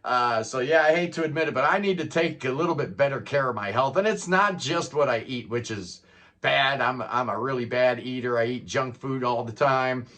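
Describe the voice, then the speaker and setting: A man's voice: medium pitch, moderate pace, sharp tone. A middle-aged man talking in a casual, rambling solo monologue as a music vlogger, often tacking "man" onto his sentences.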